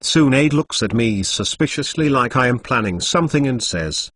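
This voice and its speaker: A man's voice: medium pitch, expressive, normal speed, few pauses, a bit bright, slightly rough, no room sound. Matter-of-fact male story narrator. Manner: reads punctuation aloud, matter-of-fact. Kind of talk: scripted narration of fan fiction.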